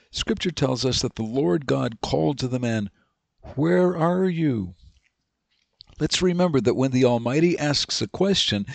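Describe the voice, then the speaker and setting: A man teaching a scripted Bible lesson, slowing and lifting his voice when he reads scripture aloud. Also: medium pitch, dry recording. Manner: slows down and lifts his voice reading scripture.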